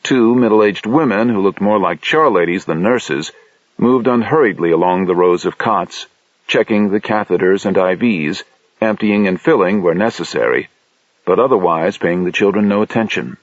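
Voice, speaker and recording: Low-voiced male audiobook narrator. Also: no room sound. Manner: steady, measured reading. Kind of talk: scripted narration. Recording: dull lo-fi dry audiobook recording.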